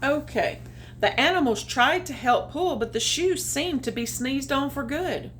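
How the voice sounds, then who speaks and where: A woman reading a children's picture book aloud, with chatty, animated asides about the pictures. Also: high voice, measured pace, a little hiss or hum. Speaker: storytime reader. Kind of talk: children's read-aloud with commentary.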